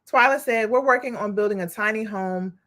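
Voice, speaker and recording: A woman's voice: medium pitch, brisk, a bit bright. A young adult woman hosting a live coaching stream, talking straight to her viewers as "y'all" in a spirited, preachy way and cheering on their comments. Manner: reads viewer comments aloud and cheers them on. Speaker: nonprofit coach hosting a livestream.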